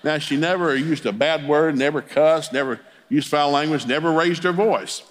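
A man's voice: a little high, normal speed, slight background noise. Folksy, chuckling middle-aged preacher man. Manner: humorous, chuckles while telling stories. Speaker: Pentecostal preacher. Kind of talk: folksy storytelling sermon.

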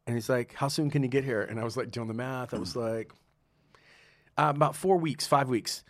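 A man being interviewed, telling stories in a casual, animated way, laughing often and acting out what people said. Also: medium pitch, normal speed, dry recording, clean studio sound. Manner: animated, laughs often, acts out quoted dialogue. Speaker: guest, sommelier and restaurateur.

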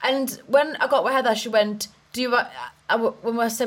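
A woman's voice: on the high side, a little fast, few pauses. A young adult woman, a comedian chatting casually on a podcast, rambling and laughing as she goes. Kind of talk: casual chat.

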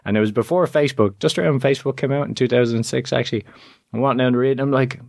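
An Irish man in his thirties, a guest in an interview, telling stories in a casual, animated way and acting out the voices in his quotes. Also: mid-range voice, very fast, gravelly, no echo, studio quality. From Ireland. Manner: animated storyteller who acts out voices in quotes.

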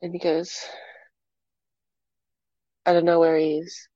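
A middle-aged woman telling a personal story in an interview, halting and repeating words as she goes. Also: on the low side, completely flat delivery, mellow, dry recording, lo-fi sound. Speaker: interview guest.

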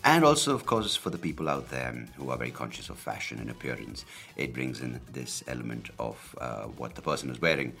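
A man's voice: extremely low pitch, brisk, vocal fry, bright, forceful tone. A man in his thirties hosting his own podcast, rambling casually with lots of fillers and offhand swearing. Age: 30s. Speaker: podcast host. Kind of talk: casual solo podcast talk. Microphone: camera and podcast mic.

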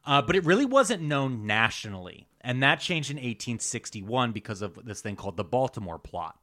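A man hosting a casual comedy podcast, telling history in an animated, rambling, jokey way. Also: mid-range voice, moderate pace. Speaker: podcast host.

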